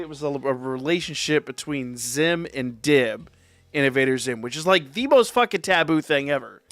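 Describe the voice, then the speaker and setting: A man's voice: fairly high pitch, a bit bright, dry recording. Profane, rambling man telling a story. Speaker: streamer. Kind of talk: casual live-stream storytelling.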